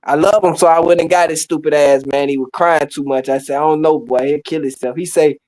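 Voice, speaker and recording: A man telling a story in casual chat, animated, acting out the voices of the people in it and laughing often. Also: on the high side, fairly quick, low-quality recording. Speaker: podcast host.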